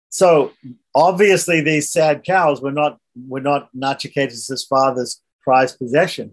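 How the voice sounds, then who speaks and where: Husky man teaching scripture. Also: on the high side. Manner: conversational storytelling, often asks "right?". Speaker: religious teacher. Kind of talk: scripture class lecture.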